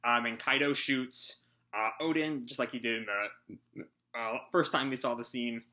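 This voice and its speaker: A man's voice: medium pitch, steady tone, measured pace, pushed and bright. A man hosting a casual live reaction, out of breath and rambling through a hesitant recap. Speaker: manga reaction host.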